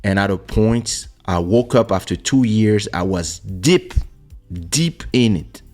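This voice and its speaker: A man hosting a casual talk show, telling personal stories in an animated way and acting out the voices of the people he quotes, into a studio microphone. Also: lowish voice, slow pace, faint music behind. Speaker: podcast host. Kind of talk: casual storytelling chat. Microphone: streaming studio microphone.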